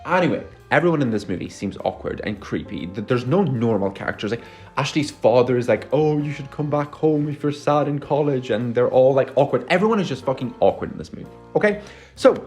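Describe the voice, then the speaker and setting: A man's voice: mid-range voice, darkish tone. A man giving a casual movie review, sarcastic and exasperated, swearing often. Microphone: phone.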